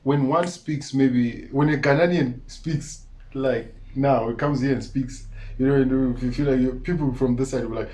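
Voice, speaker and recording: A man's voice: mid-range voice, moderate pace, mellow. A man from Malawi with a Malawian accent, talking earnestly as an interview guest and often breaking into laughter. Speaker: musician guest. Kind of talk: casual interview talk.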